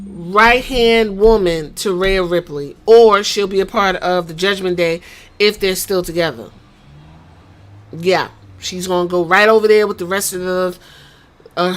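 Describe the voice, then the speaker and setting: A woman's voice: medium pitch, a bit bright. A woman hosting a podcast, giving blunt, profane and sarcastic opinionated commentary. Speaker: podcast host.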